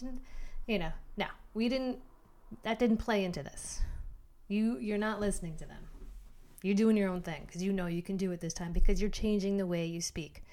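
A woman podcast host giving animated motivational talk, speaking straight to the listener in a coaching manner. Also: mid-range voice, moderate pace.

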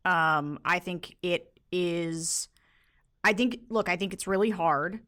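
A woman's voice: on the low side, slow, fairly bright tone. Frank, opinionated female co-host. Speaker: podcast co-host. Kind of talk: casual chat.

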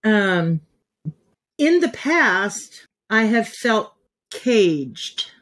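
A woman chatting with a host, her voice climbing high and dropping low as she jumps from thought to thought. She laughs a lot and starts sentences she never finishes. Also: extremely slow. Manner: animated, jumps between thoughts, laughs often. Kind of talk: casual conversation.

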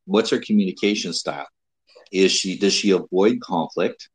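A man hosting a casual advice talk, speaking in a measured way with frequent restarts and repeated words. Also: low voice, slightly rough, poor audio. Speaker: host giving dating advice.

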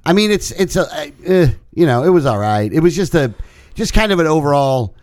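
A man co-hosting a podcast, telling an everyday story in relaxed casual chat. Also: on the high side, fairly quick, no room sound. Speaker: podcast co-host.

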